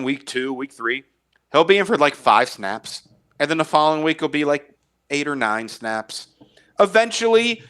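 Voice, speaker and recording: A man holds forth on a casual sports talk podcast, his voice bright and forceful and sitting a little high. He repeats words as he builds his argument and chuckles at his own bold calls.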